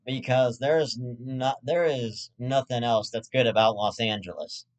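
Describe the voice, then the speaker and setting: A man's voice: mid-range voice, normal speed. A man hosting his own web show, delivering a rambling comedic rant full of swearing and restarts. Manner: profane, rambling, with frequent restarts.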